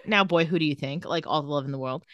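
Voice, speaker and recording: A woman co-hosting a casual recap chat, retelling scenes and reading out the characters' lines in a flat voice. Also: deep voice, fast talker, no echo, clean studio sound. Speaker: podcast co-host.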